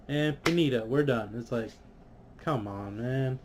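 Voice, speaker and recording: A man's voice: medium pitch, unhurried, noisy background. Exasperated man ranting casually. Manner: frustrated, swears, many fillers, animated. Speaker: vlogger reviewing a TV episode.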